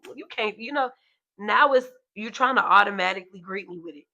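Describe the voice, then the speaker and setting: A woman's voice: medium pitch, fairly quick, gravelly, bright, forceful tone, highs cut off. A woman in her thirties co-hosting a podcast, talking candidly and emphatically in casual chat. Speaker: podcast co-host.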